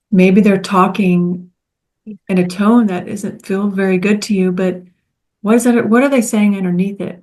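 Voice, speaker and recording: A woman co-facilitator guides listeners step by step in a soft-spoken, gentle voice. Her pitch stays flat and even, and she speaks in a reflective way. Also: moderate pace. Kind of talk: guided teaching talk.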